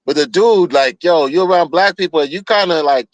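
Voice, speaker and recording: A man talking straight into a streaming mic, ranting in a blunt, casual way with lots of slang. He circles back and repeats himself as he goes. His voice sits on the higher side, and the sound is dry with no room echo. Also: fairly quick, hardly any pauses.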